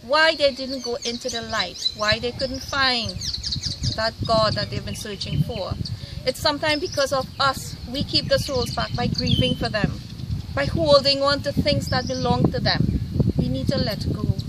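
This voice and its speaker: A high-pitched woman gives an earnest spiritual address outdoors at a cremation ground. She pleads and repeats her words. Loud background noise and birdsong run under her voice. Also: a little slow. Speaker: spiritual medium.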